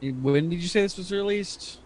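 A man's voice: high-pitched, normal speed. A man making dry remarks as a panelist on a casual podcast.

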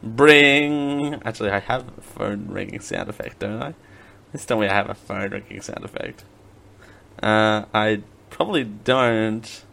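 A man's voice: on the low side, steady tone, moderate pace, vocal fry, fairly bright tone. A man hosting a casual comedic live stream, laughing often and making silly mouth sound effects. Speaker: live-stream show host.

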